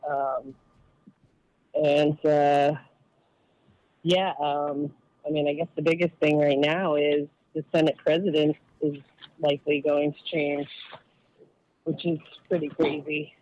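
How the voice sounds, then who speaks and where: Calling into a podcast from work, a woman who is a cannabis activist talks loosely in a low, flat, slightly mellow voice. She goes slowly, pausing often, and hesitantly thinks aloud with lots of fillers and small laughs over a dull phone line.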